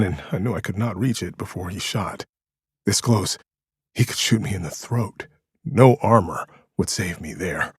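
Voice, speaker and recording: Low, husky thriller narrator. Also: male voice, no room sound, clean studio sound. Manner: tense, dramatic. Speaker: audiobook narrator. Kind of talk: first-person thriller narration.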